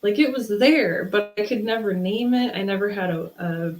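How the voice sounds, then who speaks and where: Woman guest, lively storyteller, echoey room, mid pitch. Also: normal speed, a little hiss or hum. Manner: animated storyteller, acts out quoted voices. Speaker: interview guest, spiritual medium. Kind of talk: storytelling in a casual interview.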